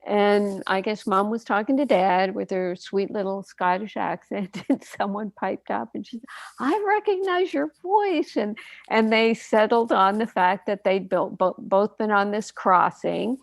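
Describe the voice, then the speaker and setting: A Canadian doctor in her later years hosts a relaxed radio talk show, laughing often as she chats through stories. She speaks unhurriedly in a mid-range voice with fairly even intonation and vocal fry, with no echo.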